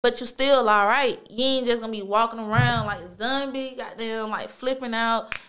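A woman's voice: on the high side, moderate pace, fairly bright tone, clean tone. A woman hosting her own show, telling a story in a laid-back, slangy way, cursing a lot and filling gaps with "like" and "you feel me". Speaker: podcast host. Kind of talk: casual storytelling monologue.

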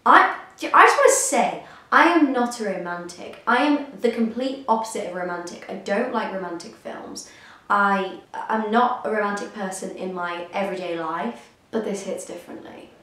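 A woman's voice: lowish voice, a bit bright. Gushing young woman in an echoey room. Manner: gushing, rambling, self-deprecating asides. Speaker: reaction vlogger. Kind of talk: casual reaction commentary. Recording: very echoey room, faint music behind.

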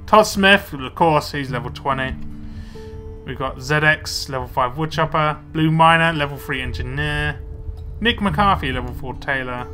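A man's voice: on the high side, measured pace, pushed and bright, faint music behind. A young man casually commenting on his gameplay, muttering to himself as he plays. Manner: chatty, muttering to himself while playing. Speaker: let's play gamer.

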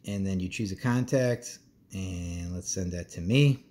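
A man's voice: low-pitched, measured pace, a little mellow. A man giving a casual, meandering product review as a parent, with frequent ums and uhs. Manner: laid-back, meandering, many ums and uhs. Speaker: parent reviewing a kid's smartwatch.

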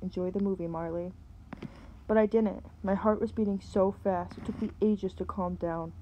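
A woman, a teacher, reading a novel aloud and pausing to explain words. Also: medium pitch, fairly even intonation, highs cut off, a little hiss or hum.

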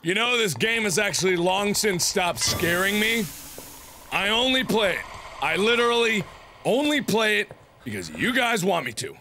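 Loud, animated gaming host man. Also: high voice, moderate pace, slight background noise. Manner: loud, goofy and frustrated, rambling mock history. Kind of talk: let's play commentary.

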